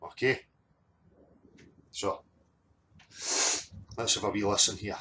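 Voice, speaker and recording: A man's voice: fairly low pitch, steady tone, slow, pushed and bright, slight background noise. A man, hosting a monologue and arguing his point emphatically, with many fillers and repeated words. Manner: argumentative, repetitive fillers, emphatic. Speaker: channel host. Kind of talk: monologue reacting to clips.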